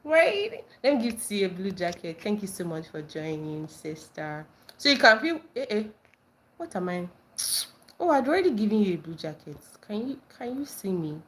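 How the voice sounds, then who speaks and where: A woman's voice: medium pitch, big pitch swings, moderate pace. A woman hosting a casual livestream, reading viewer comments aloud and reacting with frequent laughter and squealed greetings. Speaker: livestream host.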